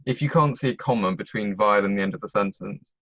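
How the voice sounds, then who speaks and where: A man's voice: fairly low pitch, fast talker, a bit bright, no echo, highs cut off. A man tutoring German on a video call, explaining step by step and checking that his students follow. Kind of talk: online tutoring lesson.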